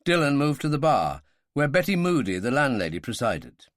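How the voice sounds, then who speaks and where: A man narrating a thriller audiobook with measured, descriptive delivery. His pitch moves animatedly through each sentence. The recording is dry and close, with no room sound. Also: big pitch swings, no room sound. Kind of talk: scripted narration.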